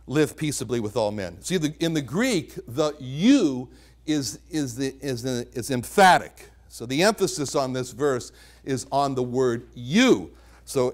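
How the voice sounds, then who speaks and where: A man's voice: on the high side, very animated, moderate pace. A man preaching a sermon, teaching from the Bible with emphatic repetitions. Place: church chapel.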